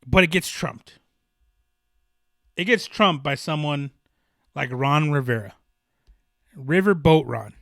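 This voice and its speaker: A man's voice: on the high side, lively intonation, slow pace, gravelly, pauses often, fairly bright tone, dry recording, clean studio sound. A man hosting a solo sports podcast, talking with passion and emphasis, often restarting his sentences. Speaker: podcast host.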